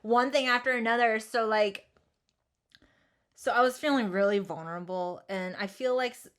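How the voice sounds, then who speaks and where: A young woman, co-hosting a podcast and telling a story in casual chat, animated and swearing freely with lots of fillers and restarts. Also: fairly high pitch, normal speed. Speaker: podcast co-host.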